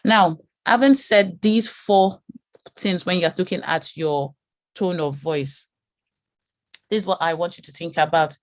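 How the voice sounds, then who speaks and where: Calm, reassuring woman teaching a class. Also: fairly low pitch, a little slow, no room sound, clean studio sound. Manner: calm, reassuring, repeats words while thinking. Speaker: branding teacher. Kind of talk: online class lecture.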